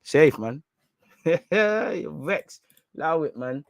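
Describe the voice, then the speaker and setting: A young man ranting about football on his live stream, loud and mocking, full of slang. His voice sits a little high and sounds dry and close to the mic. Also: expressive, extremely slow, dry recording. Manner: loud, mocking, slangy, reads quotes aloud sarcastically. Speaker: football fan channel host. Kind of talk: live reaction rant.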